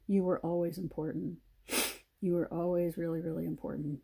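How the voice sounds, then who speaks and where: A woman giving a heartfelt, emotional message of encouragement, sighing and clearing her throat often and repeating phrases for emphasis. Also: fairly low pitch, level tone, brisk, dark tone. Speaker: video host.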